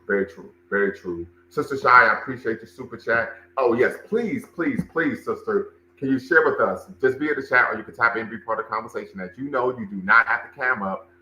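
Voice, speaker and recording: A man who directs a cultural center hosts a livestream, commenting and talking with his chat, stressing points emphatically by repeating phrases. His voice is fairly low, bright and forceful, captured in an echoey room on a low-quality recording.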